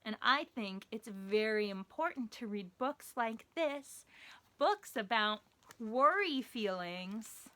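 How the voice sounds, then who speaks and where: Woman librarian, children's story time host, cheerful and playful, unhurried delivery. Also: fairly high pitch, lively intonation, pushed and bright. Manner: cheerful, playful, talking directly to young kids.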